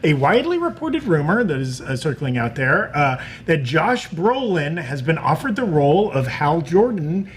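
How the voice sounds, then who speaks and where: A man's voice: a little high, normal speed, hardly any pauses, slight background noise. A man hosting a casual pop-culture chat show, upbeat and joking as he leads the talk. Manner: upbeat, jokey, animated. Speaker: host.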